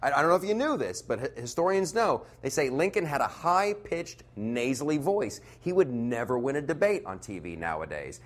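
A middle-aged man performing a stand-up comedy set, animated and mocking, slipping into quick impressions. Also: mid-range voice.

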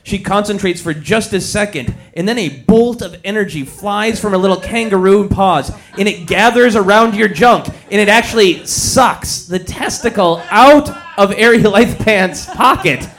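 A man with a high voice runs a tabletop game, narrating events and calling for dice rolls. He laughs often as he describes the action. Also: fairly bright tone. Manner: amused, often laughing, quick instructions. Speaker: game master.

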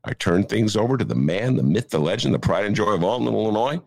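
A man's voice: lowish voice, quick pace, gravelly, no echo, studio quality. A male podcast co-host giving sarcastic, opinionated political commentary. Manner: animated and sarcastic, mocking asides.

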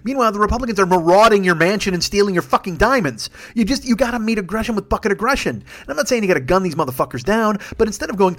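A man's voice: high voice, animated, quick pace, a bit bright. A middle-aged man hosting a podcast, delivering an angry, profane political rant and mocking opponents in put-on voices. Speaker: podcast host.

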